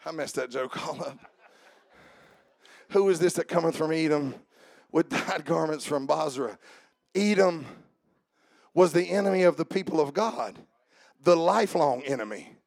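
High, gravelly-voiced preacher shouting his sermon. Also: lively intonation, moderate pace, long pauses, no echo. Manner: builds to shouted, preaching climaxes. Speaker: pastor.

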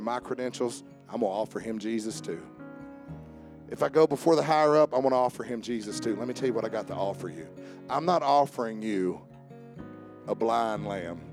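A man preaching a sermon. He jokes with the congregation and swings from soft asides to raised calls. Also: medium pitch, vocal fry. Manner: joking with the congregation. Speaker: pastor. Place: church service with instrument behind.

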